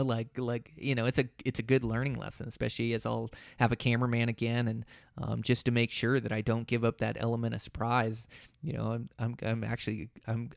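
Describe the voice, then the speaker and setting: A man hosting a solo podcast, telling a long story in a relaxed, rambling way that often restarts mid-sentence. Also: mid-range voice, gravelly, no room sound, studio quality. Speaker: podcast host.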